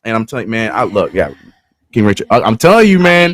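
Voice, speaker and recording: A man's voice: fairly low pitch, sing-song, fast talker, a crowd in the background. Laid-back man co-hosting sports talk. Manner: laid-back, laughs often, trails off and restarts. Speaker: sports show co-host.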